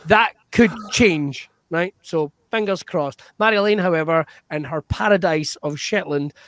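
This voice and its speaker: An upbeat man hosts a live online comedy show from a video call, speaking high and bright. His sound is close and dry, and he chats and laughs easily between games. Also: a little slow, no echo. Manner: upbeat, chatty, laughs often.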